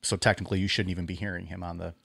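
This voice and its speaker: Low-voiced male podcast co-host. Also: little pitch movement, very fast, gravelly, a bit bright, breathy edge, no room sound. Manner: chimes in to sum up and ask questions. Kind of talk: casual chat.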